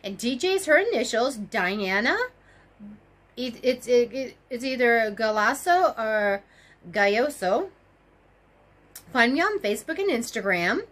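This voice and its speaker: A woman vlogging an excited unboxing, gushing, gasping and squealing with delight. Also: on the high side, unhurried, pauses often. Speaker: crochet vlogger.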